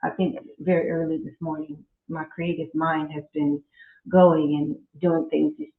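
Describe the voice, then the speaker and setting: Middle-aged woman, podcast host, slow heartfelt faith talk, tinny echoey home recording. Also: deep voice, flat delivery. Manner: slow, heartfelt, with religious exclamations. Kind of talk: casual faith-based personal talk. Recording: echoey room, phone-like audio.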